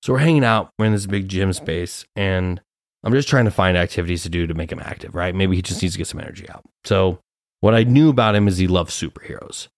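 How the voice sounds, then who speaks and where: A man's voice: low-pitched, fast, no echo, clean studio sound. A young man hosting a solo podcast, telling a story in a rambling, casual way, swearing freely and laughing often. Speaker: podcast host.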